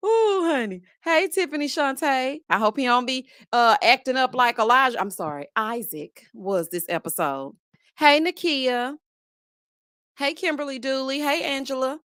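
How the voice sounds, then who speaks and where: A woman hosts a casual live stream in a fairly high voice, chatty and sassy. She greets viewers one by one and drops playful asides. The sound is dry and close, with no room echo. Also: moderate pace, fairly bright tone, clear, resonant tone. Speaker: livestream host.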